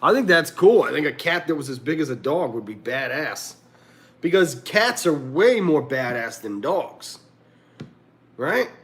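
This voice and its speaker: This livestream host's voice sits a little high and is sing-song, slightly slow and a bit bright. Chatting casually from a room at home, he rambles, swears and laughs often.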